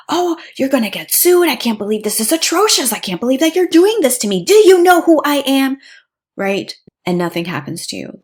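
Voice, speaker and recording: A young woman born in the United States telling a personal story on her vlog in an earnest, indignant way. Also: on the low side. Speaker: vlogger.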